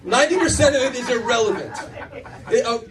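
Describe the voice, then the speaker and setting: A man's voice: very high-pitched, fast, distant mic, crowd noise, poor audio. A middle-aged man performing a stand-up comedy set in a club, telling stories with lots of restarts and audience laughter behind. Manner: animated storytelling with many restarts.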